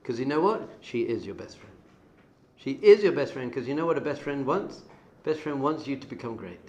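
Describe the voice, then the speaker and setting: Teaching Torah to yeshiva students, this middle-aged rabbi speaks at medium pitch and a fairly quick pace. The lively class alternates loud, emphatic outbursts with quiet asides, sprinkled with Hebrew terms.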